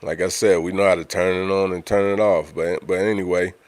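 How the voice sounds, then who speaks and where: Deep-voiced man talking casually on a livestream. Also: steady tone, brisk, dry recording. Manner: conversational, repeats himself, frequent "you know what I'm saying". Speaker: livestream host.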